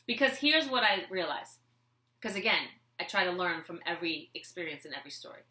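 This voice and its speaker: A woman vlogger telling a comic personal story with a life lesson, animated and expressive as she acts out scenes. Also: fairly low pitch, brisk. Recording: echoey room.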